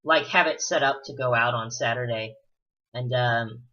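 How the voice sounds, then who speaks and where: This gameplay commentator has a medium-pitched voice that sounds pushed and bright, moving at a moderate pace. His let's-play talk rambles casually, packed with fillers and the occasional swear word, and the recording is dull and lo-fi.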